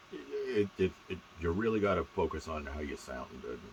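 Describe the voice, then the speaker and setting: Playful rambling man with a lively voice. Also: very deep voice, brisk, lo-fi sound, slight background noise. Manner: rambling, playful, fumbling restarts. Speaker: vlogger. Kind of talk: casual talk to camera about doing voices.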